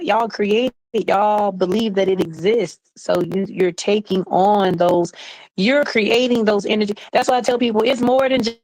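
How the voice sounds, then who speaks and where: Relaxed woman explaining, dry sound. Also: medium pitch, dry recording, low-quality recording. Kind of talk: casual spiritual chat.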